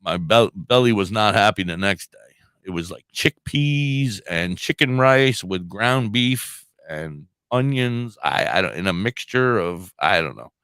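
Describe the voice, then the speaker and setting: Casting: deep-ish middle-aged male radio host, rambling animated storyteller, dry close mic. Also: measured pace, clear, resonant tone, no echo. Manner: rambling, animated anecdotes with laughs. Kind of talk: casual storytelling chat.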